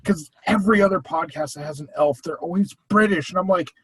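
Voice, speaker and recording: A man's voice: high voice, brisk, fairly bright tone, husky, no room sound, rough recording. A man on a tabletop podcast, joking and sounding incredulous in casual chat. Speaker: podcast player.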